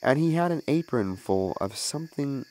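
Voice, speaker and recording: A man's voice: medium pitch, lively intonation, normal speed, mellow, rough recording. A man who is a minister, reading a children's story aloud as narration.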